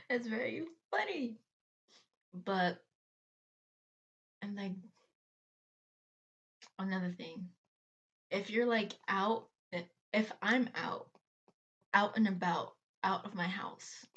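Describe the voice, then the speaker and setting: Woman reaction host, unhurried, rambly and giggly, on a muffled lo-fi mic. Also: mid-range voice, a bit bright. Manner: chatty, tangent-prone, laughs between phrases. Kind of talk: casual rambling chat.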